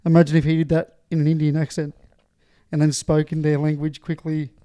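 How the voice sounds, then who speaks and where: Mellow young Australian man telling stories. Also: a little high. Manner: animated storyteller, swears, quick banter. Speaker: podcast co-host. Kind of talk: casual sports chat.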